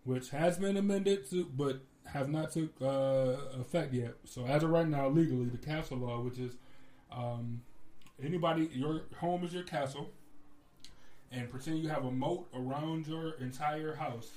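With a voice on the higher side and an ordinary pace, the Ohio man acts out people's words while telling stories in a loose chat, full of energy and frequent laughter.

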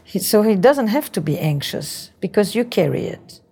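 A woman's voice: medium pitch, sing-song, moderate pace, creaky, mellow, husky. A woman therapist with a Belgian accent, probing and laying out ideas in repeating, building patterns. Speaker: couples therapist. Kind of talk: therapy session guidance.

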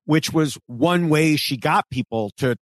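A man co-hosting a podcast, chatting casually and growing animated when he quotes other people. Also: on the high side, measured pace, dry recording. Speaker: podcast co-host.

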